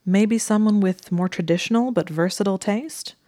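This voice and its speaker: A woman's voice: medium pitch, normal speed, mellow, no room sound, studio quality, voice pushed up, close to an everyday voice. A woman voicing a smug, leering young wizard man who drawls his lines blandly.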